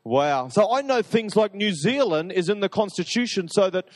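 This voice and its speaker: A man preaching a sermon to a live audience, talking in an energetic, rambling, enthusiastic way. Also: sits high, moderate pace, long reverb tail.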